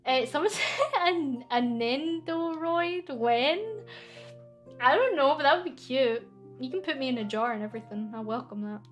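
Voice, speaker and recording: Young Scottish female streamer, high voice, giggly and chatty, faint background music. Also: lively intonation, moderate pace. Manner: chatty and giggly, reading chat aloud. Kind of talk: casual chat answering viewer questions. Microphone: studio microphone.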